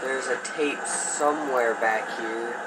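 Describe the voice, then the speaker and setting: A man narrates a horror game in a slow, drawn-out way, jittery and prone to panic as he mutters to himself. A steady hum of background noise sits under his voice, with an air conditioner running in the room. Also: medium pitch. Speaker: gamer.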